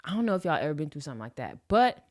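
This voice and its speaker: A woman in her late twenties from Los Angeles, telling a personal story on a podcast in a slangy, animated way and acting out the scenes. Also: low voice, rapid-fire. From Los Angeles, USA. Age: 20s. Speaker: podcast host. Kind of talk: casual storytelling.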